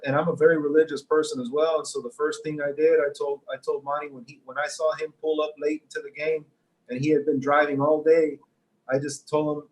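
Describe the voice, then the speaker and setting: A man, a high school football coach, speaking in an earnest, sincere, measured way over a video call. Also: rough recording. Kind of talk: casual remote interview.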